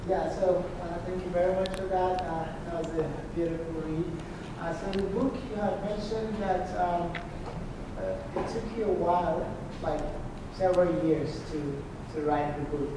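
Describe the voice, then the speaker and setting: A man in an audience asking a question quietly and haltingly, with many fillers. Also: sits high, steady tone. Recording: faint, distant, echoey and noisy.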